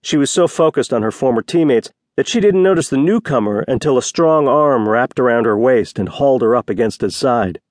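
A man narrating a romance novel as an audiobook reader, voicing each character with slight shifts of pitch. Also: animated, brisk, few pauses, a little mellow, dry recording, clean studio sound. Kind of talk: scripted narration.

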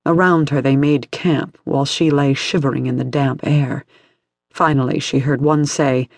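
A man narrating an audiobook in a steady, dramatic way. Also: a little high, moderate pace, vocal fry, no echo, studio quality.

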